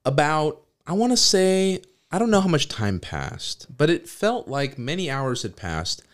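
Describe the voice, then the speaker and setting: Young man, lively pitch, slightly high voice, casual podcast storyteller. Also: a little slow. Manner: animated, laughing storyteller. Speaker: podcast host.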